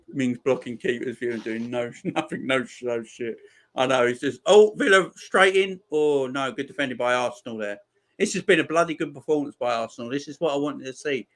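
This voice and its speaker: A man in his forties giving chatty live football watchalong commentary and bantering with his chat. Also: medium pitch. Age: 40s. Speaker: streamer.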